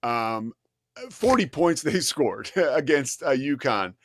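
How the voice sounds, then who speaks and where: A man hosts a live sports talk show in a loose, rambling, animated manner, laughing as he tells a story. His voice sits in a middle register. It is recorded close and dry with no room sound. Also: mid-range voice, slow, dry recording. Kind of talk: casual talk-radio chat with live ad reads.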